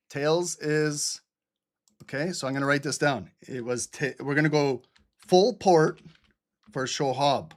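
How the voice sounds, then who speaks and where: A man's voice: on the high side, expressive, slow pace, pauses often, a bit bright. A middle-aged man hosting a live trading stream, blunt, sarcastic and profane, with typing heard behind him.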